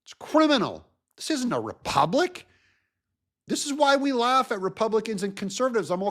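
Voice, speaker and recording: A man hosting a show, giving an animated, mocking political commentary rant. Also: extremely high pitch, moderate pace. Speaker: host.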